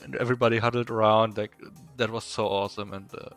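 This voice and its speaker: Low, flat-voiced German-accented young man. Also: faint music behind. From Eastern Germany. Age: young adult. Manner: halting, many uh fillers, relaxed storytelling. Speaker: podcast guest. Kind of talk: casual interview chat.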